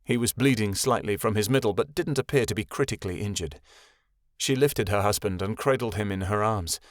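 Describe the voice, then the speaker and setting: A man reading a fantasy novel aloud as audiobook narrator, with a steady storytelling delivery. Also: on the low side, a little fast, dry recording, clean studio sound. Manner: steady storytelling, voices every character.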